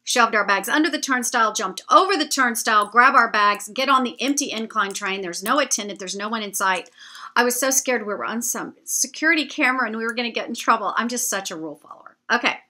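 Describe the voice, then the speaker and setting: A woman telling a travel story to her viewers in a chatty, animated way. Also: fairly high pitch, fast. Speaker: vlogger. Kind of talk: storytelling travel anecdote to camera.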